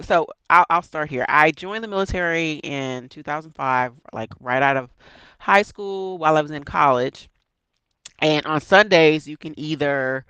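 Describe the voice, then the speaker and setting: Smooth bright-voiced woman from D.C. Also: low-pitched, dry recording, rough recording. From Washington, D.C. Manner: relaxed, many ums, giggly. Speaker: interview guest, bag designer. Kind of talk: casual interview chat.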